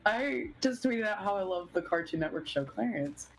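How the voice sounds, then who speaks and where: A woman's voice: mid-range voice, expressive, normal speed, faint music behind, rough recording. A woman with a Southern US accent, chatting and laughing a lot while co-hosting a gaming stream. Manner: giggly, chatty, many fillers. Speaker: stream co-host. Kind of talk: casual gaming chat.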